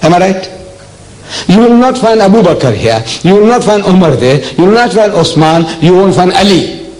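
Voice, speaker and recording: An older man from South Africa giving a public religious lecture, emphatic and deliberate, with rhetorical questions to the audience. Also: sits high, sing-song, a little mellow, poor audio. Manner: slow, deliberate delivery with dramatic pauses.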